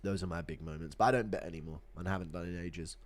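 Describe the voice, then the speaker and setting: A male streamer giving loud, profane play-by-play while he reacts to a fight and reads chat. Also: low-pitched, very fast. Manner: excitable, profane, loud bursts. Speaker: streamer host.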